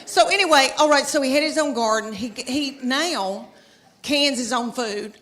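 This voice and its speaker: A middle-aged woman, telling chatty, animated stand-up comedy stories on stage. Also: sits high, normal speed. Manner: folksy, chatty, animated storytelling. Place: stage before a live audience.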